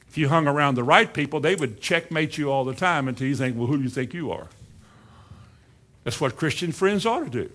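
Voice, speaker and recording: A preacher gives a sermon in a fairly high voice, firing rhetorical questions at the congregation and lapsing into dry sarcasm. He alternates between quiet asides and building emphasis.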